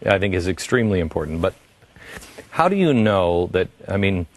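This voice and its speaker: A man's voice: low-pitched, big pitch swings, moderate pace. A man hosting a radio interview, talking earnestly with many halts and restarts. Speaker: radio talk host.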